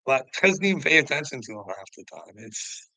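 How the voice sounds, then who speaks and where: A man's voice: medium pitch, very animated, brisk, gravelly, bright, forceful tone, no echo, rough recording. A man livestreaming to his chat, ranting in a profane, confrontational, goading way.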